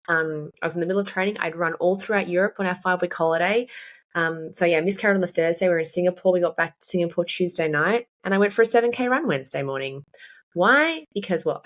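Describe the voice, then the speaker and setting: A woman in her thirties, a fitness coach appearing as a podcast guest, tells a personal story candidly and emphatically in casual chat, swearing freely. Her voice is lowish with a fairly bright tone.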